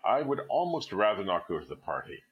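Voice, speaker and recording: A man's voice: on the low side, very animated, fairly quick, muffled recording. A man voicing a vain, discontented young wife in a storybook reading, speaking with petulant self-pity. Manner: petulant, self-pitying complaint.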